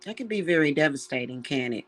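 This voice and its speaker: A woman's voice: deep voice, lively intonation, a bit bright. A woman who works as a witch and reader, talking casually and with feeling to her viewers, calling them y'all. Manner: slow, heartfelt, emotional, addresses viewers as y'all. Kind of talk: casual spiritual talk to viewers.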